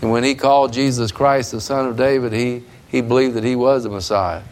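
A man's voice: mid-range voice, steady tone, brisk, darkish tone, slight background noise. A man preaching a sermon in a fervent, emphatic way that builds in intensity.

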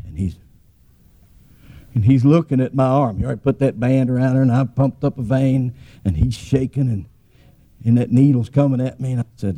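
A man's voice: mid-range voice, dark tone. A man, preaching a sermon as a folksy, rambling story with frequent restarts.

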